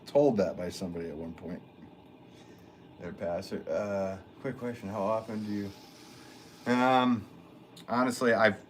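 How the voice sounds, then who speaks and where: A man's voice: on the low side, slight background noise. A man hosting a casual live stream as a potter, chatting and joking as he answers viewer comments with a laugh.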